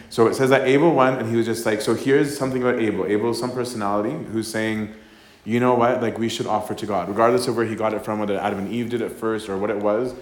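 A man preaches in an easy, chatty way, reading scripture aloud and then unpacking it in everyday words. His voice sits a little low. The room around him is echoey. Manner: conversational, tags lines with "right?", acts out voices. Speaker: priest giving a talk. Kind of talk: casual sermon with scripture reading.

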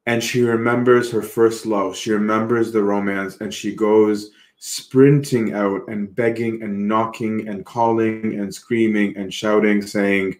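A man's voice: on the low side, flat delivery, roomy sound. A man giving an earnest, reflective sermon, repeating words as he goes. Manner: earnest, reflective, slow with repetitions. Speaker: preacher.

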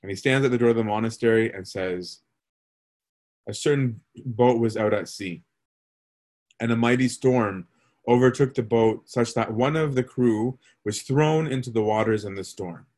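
A man's voice: medium pitch, moderate pace, darkish tone. A male priest giving a casual, conversational sermon, telling stories and asking "right?" along the way. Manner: casual storytelling with many fillers and "right?".

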